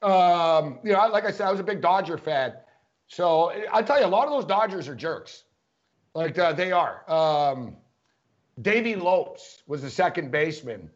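A man's voice: fairly high pitch, expressive, moderate pace. A man co-hosting a casual sports podcast, telling rambling stories with plenty of fillers. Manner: rambling storyteller, lots of fillers. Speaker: co-host. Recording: dull lo-fi podcast audio.

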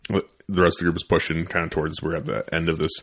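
Podcast host, young man, deep low voice, loose profane storyteller, studio chat. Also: level tone, fast talker, a bit bright.

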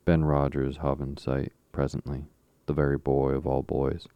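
A man narrating a classic novel as an audiobook in a measured, even storytelling manner. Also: extremely low pitch, dry recording.

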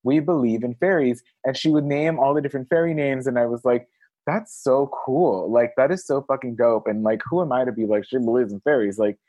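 A man guest on a podcast, chatting casually and telling stories with big acted-out quotes that jump high. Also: a little fast, no echo, dull audio. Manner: animated storyteller, acts out quotes in big high voices. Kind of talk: casual chat. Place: Los Angeles area.

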